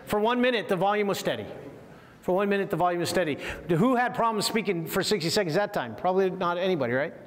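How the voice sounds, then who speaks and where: A man with a fairly high voice teaches a communication course to officers and senior leaders. He keeps the room engaged with constant rhetorical questions and checks like "right?". His voice carries a long reverb from a large hall. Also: fast. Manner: lively, asks the audience frequent rhetorical questions. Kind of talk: leadership training talk to military officers.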